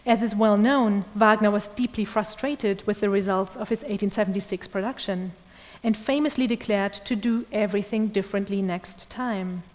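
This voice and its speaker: Woman lecturing in a reverberant hall. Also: mid-range voice. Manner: measured, precise academic delivery. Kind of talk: academic lecture read from a script.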